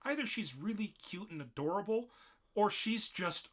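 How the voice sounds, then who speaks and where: A young man co-hosting a casual podcast, recapping an anime episode with animated retellings of scenes. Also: high-pitched, normal speed. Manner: animated, acts out character lines in shifting voices. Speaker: podcast co-host.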